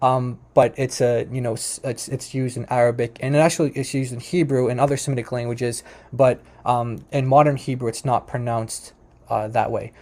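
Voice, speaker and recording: A man talks through debate clips in an easygoing commentary, his voice mellow and dark. He rambles, restarts his sentences often and leans on fillers, with amused chuckles along the way. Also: medium pitch, steady tone, normal speed. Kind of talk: casual commentary over a screen share.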